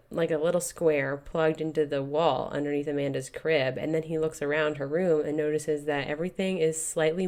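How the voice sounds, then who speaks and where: Woman with a low voice chatting on a podcast, loose and rambly, lots of "like". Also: a little mellow. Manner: chatty, loose retelling full of "like" and "you know". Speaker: podcast co-host. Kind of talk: casual book-club chat retelling a plot.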